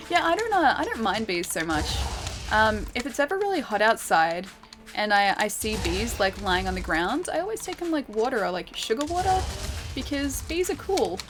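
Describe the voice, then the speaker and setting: A young woman with a slightly high voice chats loosely with her stream viewers as she plays. She giggles a lot and trails off into asides and fillers. Faint game music plays behind her. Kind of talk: casual gameplay chat, reading chat aloud.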